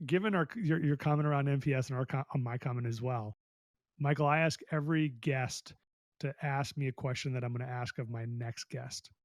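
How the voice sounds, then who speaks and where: A man's voice: mid-range voice, fairly quick, no echo. A man hosting a podcast interview, chatting enthusiastically and casually with fillers. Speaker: podcast host.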